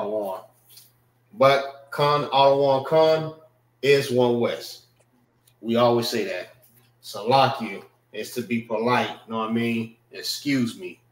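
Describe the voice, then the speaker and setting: A man teaching an informal class, explaining words slowly, often checking in with "all right" and speaking. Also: on the low side, echoey room, rough recording. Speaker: class instructor.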